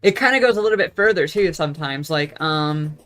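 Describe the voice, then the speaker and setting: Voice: mid-range voice, expressive, a little fast, fairly bright tone. A young adult vlogger telling a story in a casual, profane, rambling rant that keeps losing its thread. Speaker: gaming vlogger.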